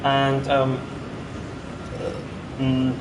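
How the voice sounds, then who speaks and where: A man streaming a game, rambling and halting with many fillers as he plays. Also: medium pitch, monotone. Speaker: gaming streamer. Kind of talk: casual gameplay commentary. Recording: roomy echo with loud ambient noise.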